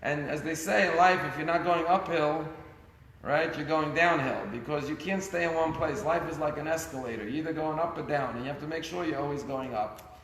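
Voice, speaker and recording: A rabbi, a man, preaches with a somewhat high voice and a gravelly edge. He tells stories and pushes hard on the key words. The recording echoes with the long reverb of a synagogue sanctuary. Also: brisk, a bit bright, a little hiss or hum. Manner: storytelling with rising emphasis. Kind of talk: sermon.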